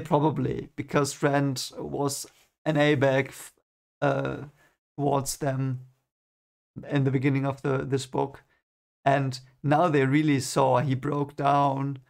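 Gravelly young man, halting read-along commentary. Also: mid-range voice, a little mellow. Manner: hesitant, repeats words, chuckles often. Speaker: book reader reacting.

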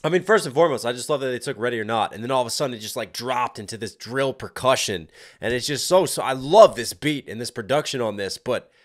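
A man hosting a reaction video, talking casually and excitedly over a rap track, laughing and reacting out loud. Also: mid-range voice, quick pace.

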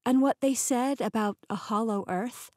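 A woman's voice: fairly high pitch, moderate pace, a little mellow, no echo, clean studio sound, pitched above the performer's own voice, lightly acted. A woman voicing a young heroine in an audiobook, asking curious, disbelieving questions. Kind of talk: audiobook character voice.

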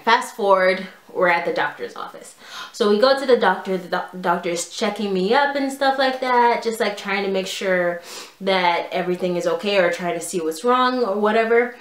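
A young woman telling a storytime vlog in a casual, animated way, full of "like" and quoted dialogue. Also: mid-range voice, normal speed. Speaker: vlogger. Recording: echoey room.

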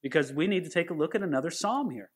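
High-voiced earnest male Bible teacher. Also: expressive, fast talker, breathy edge. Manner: earnest, puts questions straight to the listeners. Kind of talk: sermon-style Bible teaching.

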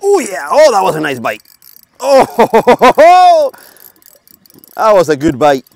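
A man filming his fishing trip on a small boat far offshore, talking casually and exclaiming loudly over each catch. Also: high voice, wildly swooping pitch, slow pace, dry recording. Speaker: fishing vlogger. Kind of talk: excited casual commentary.

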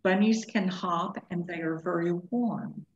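A woman voicing a great silver male wolf who speaks slowly, deliberately and gently. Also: on the low side, slight background noise, natural voice. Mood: gentle. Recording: echoey room, dull lo-fi sound.

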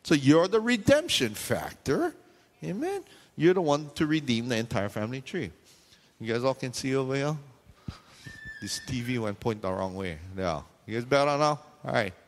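A male pastor preaching in a church hall, his voice trailing off in a long reverb. He keeps it conversational, tossing jokes and quick questions to the congregation. His pitch sits in an ordinary middle range. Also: sing-song. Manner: conversational, joking asides to the congregation; frequent questions and call-outs to the audience. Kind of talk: sermon.

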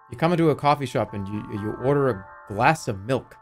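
A man streaming a game, commenting in an excitable, profane, rambling way. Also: mid-range voice, brisk, few pauses, soft background music. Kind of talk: live gameplay commentary.

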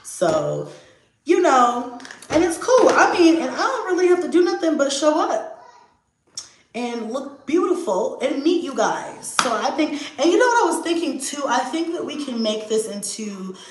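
A young adult woman chatting casually to her viewers, lively, swearing freely and acting out her kids' voices. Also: high voice, moderate pace, noisy background. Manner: animated, acts out voices of her kids. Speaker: video host. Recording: echoey room.

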